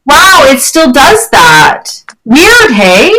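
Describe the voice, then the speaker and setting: Woman teacher, lively pitch, slow deliberate pace, online lesson, encouraging questions. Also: over music, poor audio.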